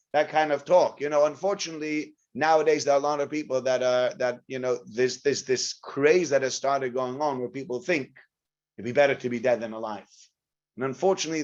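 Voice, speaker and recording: A man, a rabbi, giving a Torah class, acting out voices with sudden loud outbursts and dropping low and soft in serious parts. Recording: dull lo-fi recording.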